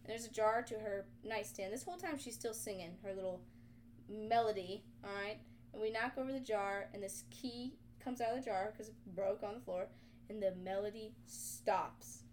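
A young woman co-hosting a podcast, retelling a video game in casual, animated chat full of swearing. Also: medium pitch, normal speed, slight background noise. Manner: animated, profane storytelling. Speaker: podcast co-host.

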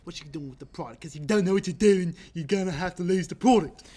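A man putting on the slangy voice of a Baltimore street dealer from a TV crime drama, a bit lower than his own voice. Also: brisk, breathy edge. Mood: menacing. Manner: mock slang-heavy street talk. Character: tough Baltimore street dealer, male adult.

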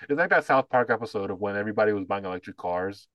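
A low-voiced podcast co-host talks very fast in loose, rambling casual chat, swearing freely and speaking bluntly with lively intonation. He piles up opinions with many fillers and restarts, and uses mocking voices when quoting others. The recording is dry, close, muffled and without echo.

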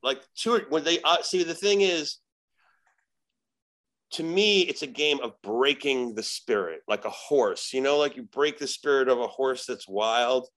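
A man, a shaman guest on a podcast, telling a story in casual chat, animated and profane. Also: medium pitch, a little slow. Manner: animated, profane, acts out quoted dialogue.

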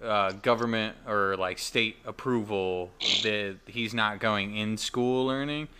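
A man's voice: on the low side, slow pace, bright, forceful tone, smooth. A man hosting a podcast in casual chat, blunt and swearing freely, with a laugh. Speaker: podcast host.

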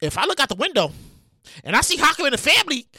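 A podcast host, heard as a woman, ranting excitedly, often stammering and repeating herself, sometimes shouting and making dramatic outbursts. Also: high voice, quick pace, no room sound. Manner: sound effects and dramatic outbursts. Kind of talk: excitable comedic rant.

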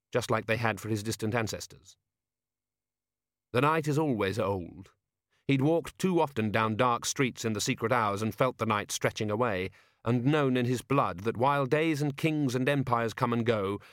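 A man reading a novel aloud in measured, wry scripted narration. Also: mid-range voice, fairly bright tone, dry recording, clean studio sound. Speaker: audiobook reader.

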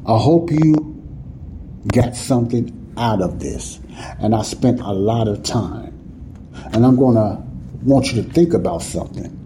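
A man's voice: mid-range voice, lively intonation, unhurried, pauses often, background noise. A man teaching the Bible in a sermon, talking informally and often checking "you see what I'm saying?". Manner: informal, nonstandard grammar.

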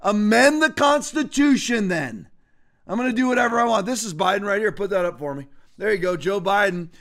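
This political commentary host has a high, animated voice and talks fast. His rant is combative and mocking, riddled with restarts and punctuated by sudden loud bursts.

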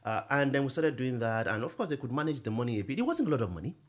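Animated man telling stories. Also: mid-range voice, racing. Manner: animated storytelling, laughs often. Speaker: guest, nonprofit executive director. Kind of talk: conversational podcast interview.

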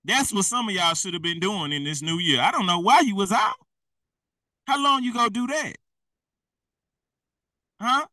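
A man's voice: high-pitched, bright, forceful tone, no echo, recorded from a distance, poor audio. A man preaching in a blunt, slangy, exhorting way, often laughing at himself. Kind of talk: fiery street-style preaching.

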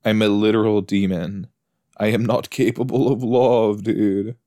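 A man's voice: fairly low pitch, steady tone, unhurried, dark tone, dry recording, studio quality, close to an everyday voice. A man voicing a casual, slangy male demon who talks in an offhand way. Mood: dismissive.

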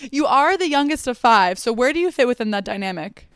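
Woman podcast host, bubbly playful questions, crisp dry close sound, a bit of music. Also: fairly high pitch, lively intonation, fairly quick, fairly bright tone, dry recording. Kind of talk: upbeat interview hosting.

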